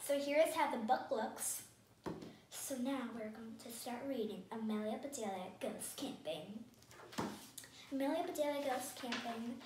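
A woman reading a children's storybook aloud with expressive, animated delivery. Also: a little high, a little slow, noisy background. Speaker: storybook reader. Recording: echoey room, distant mic.

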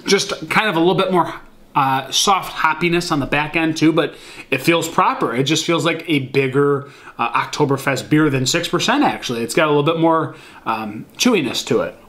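A man's voice: on the high side, normal speed, a bit bright. A man casually reviewing a beer at home, talking to viewers with lots of fillers and a rambling manner. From Michigan. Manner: rambling, many fillers, addresses viewers as guys.

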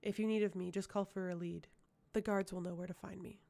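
A woman voicing a timid young servant girl who speaks meekly and softly, faltering at times, in an audiobook reading. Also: mid-range voice, fairly even intonation, fairly quick, gravelly, close to an everyday voice. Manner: meek, soft, faltering.

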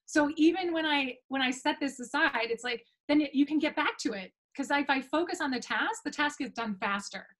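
Chatty high-voiced woman guest. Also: a little fast, few pauses, fairly bright tone, poor audio. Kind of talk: casual interview chat.

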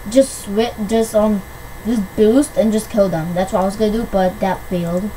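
A woman giving casual gameplay commentary, excitable and quick to shriek when things go her way. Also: medium pitch, a little hiss or hum, poor audio. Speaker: gamer. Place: at home on a PC.

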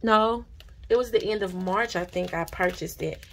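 A woman vlogging casually at her desk about budgeting supplies and mail she received, gushing and repeating herself when excited. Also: medium pitch, normal speed. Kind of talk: casual unboxing vlog. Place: home desk.

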